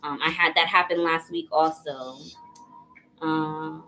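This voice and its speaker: A woman's voice: deep voice, steady tone, slow, background noise. Chatty woman hosting a tarot livestream. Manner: chatty, thanks viewers by name, frequent "um". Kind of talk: live stream chat, reading out viewer comments.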